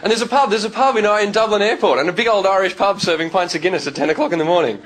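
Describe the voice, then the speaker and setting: An Australian man doing stand-up comedy on a club stage, telling stories with quick character voices. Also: sits high, background noise. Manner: lively storytelling, slipping into quick character voices. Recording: live club recording with loud crowd. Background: loud audience laughter.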